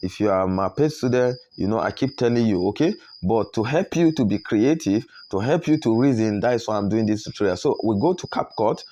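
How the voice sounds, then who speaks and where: A man with a Nigerian English accent walking learners through a software tutorial, often checking in with a rising "okay?". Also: fairly low pitch, lively intonation, brisk, few pauses, dull audio. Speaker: video editing tutor. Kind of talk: screen tutorial walkthrough.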